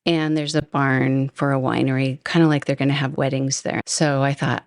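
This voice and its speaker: A woman's voice: a bass voice, flat delivery, moderate pace, hardly any pauses, dry recording, studio quality. A woman hosting a podcast, telling a personal story in a chatty, self-deprecating way. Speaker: podcast host. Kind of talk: storytelling monologue.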